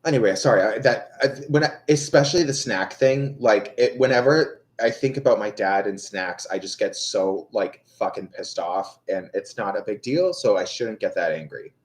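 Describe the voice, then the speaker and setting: A man's voice: fairly low pitch, moderate pace, few pauses. A young man chatting casually on a livestream, ranting in an exasperated way and swearing often. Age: young adult. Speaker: livestream tarot reader. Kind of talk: casual rambling chat.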